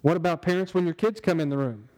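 Man preaching with a mellow tone. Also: fairly high pitch, expressive, quick pace, long reverb tail, low-quality recording. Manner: conversational preaching with rhetorical questions. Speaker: pastor. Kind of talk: sermon.

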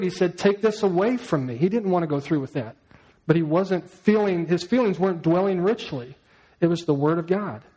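A man preaching a sermon, his voice sitting a little higher than most men's. He talks to the congregation conversationally and keeps checking in with questions. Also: darkish tone, low-quality recording. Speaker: pastor.

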